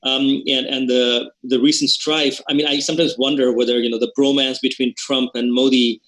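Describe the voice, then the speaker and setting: A man's voice: medium pitch, level tone, normal speed, a bit bright, poor audio. Rambling man hosting a podcast. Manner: conversational, rambling questions with fillers. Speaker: podcast host.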